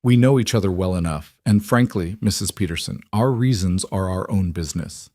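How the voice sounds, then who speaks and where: A man's voice: low voice, normal speed, dry recording, clean studio sound, close to an everyday voice. A man voicing a rugged mountain man who defends his new wife before the town. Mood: protective. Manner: calm, then forceful. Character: calm, protective mountain man husband.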